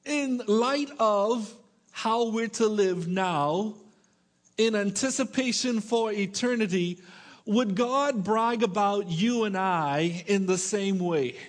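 Middle-aged male pastor, very high pitch, emphatic sermon delivery with playful asides. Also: slow pace. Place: church with congregation.

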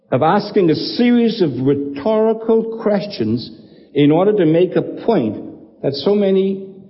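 A male pastor delivers an emphatic sermon in a high, lively voice that swoops up and down. He hammers points home with repetition and rhetorical questions. The sound is dull and carries a long hall reverb.

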